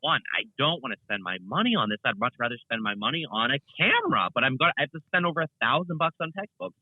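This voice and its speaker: Animated young man on a tinny line. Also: medium pitch, quick pace, slightly rough, no room sound. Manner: rambling, animated, many fillers and restarts. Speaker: guest content creator. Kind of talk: casual interview chat.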